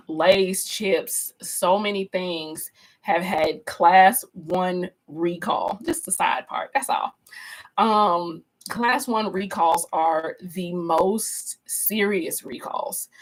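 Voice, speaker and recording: Woman instructor, casual live-class host, unhurried, conversational, lots of restarts, talks straight to viewers. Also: on the low side, low-quality recording. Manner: chatty and conversational, often restarts, addresses viewers as y'all. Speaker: course instructor leading a live class discussion.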